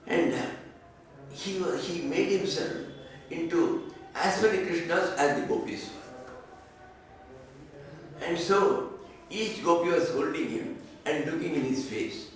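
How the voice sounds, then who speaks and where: Swami with an Indian accent in an echoey hall. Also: male voice, a little high, measured pace, pauses often. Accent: Indian English. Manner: chants Sanskrit verses then explains them in conversational, teasing English. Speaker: swami giving a scripture discourse. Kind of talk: religious discourse on scripture. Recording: echoey hall audio from far off, faint noise.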